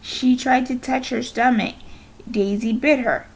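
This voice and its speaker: A woman's voice: on the high side, fairly even intonation, a little slow, breathy edge. A woman teacher voicing a teenage older sister who explains, soothes and is a little impatient, in a read-aloud of a children's novel. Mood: upset. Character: teenage girl, older sister, tearful but comforting.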